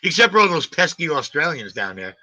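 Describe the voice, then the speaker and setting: A man in his forties hosting a live stream, chatting in a rambling, animated way and swearing casually. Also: a little high, fairly quick, no room sound. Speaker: livestream host. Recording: dull lo-fi stream audio.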